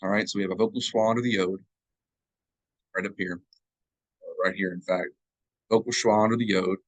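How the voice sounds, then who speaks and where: A man with a lowish voice leads a live classroom grammar lesson, chanting verb forms one after another and checking in with a quick "right?" The sound is dry and close, with little room around it. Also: fairly even intonation, no echo, poor audio. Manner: drills paradigms aloud, checking in with "right?". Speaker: Hebrew teacher. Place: church classroom. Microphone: live class recording.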